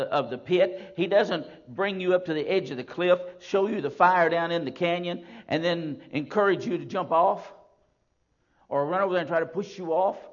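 A man preaching a sermon to his congregation, stressing phrases slowly and repeating them for emphasis. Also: a little high. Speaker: pastor. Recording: dull lo-fi sound.

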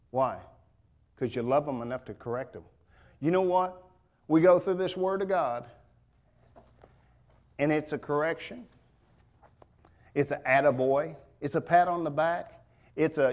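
A man's voice: a little high, a little slow, long pauses, dull audio. A man preaching a sermon in a church, folksy and joking in a conversational way.

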